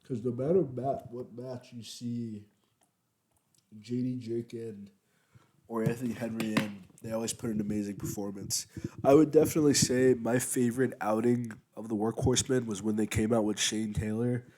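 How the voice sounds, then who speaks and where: A man's voice: medium pitch, fairly even intonation, normal speed, mellow. A man giving a rambling, casual review of a wrestling show, full of fillers, talking as he eats at home. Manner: rambling, loose, many fillers. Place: at home, eating while recording.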